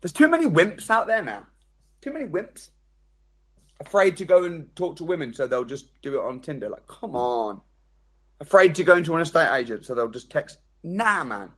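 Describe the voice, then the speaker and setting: Energetic man, slightly high voice. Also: moderate pace. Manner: energetic storytelling with sudden loud jumps and quiet drops. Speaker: property training speaker. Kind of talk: motivational seminar talk.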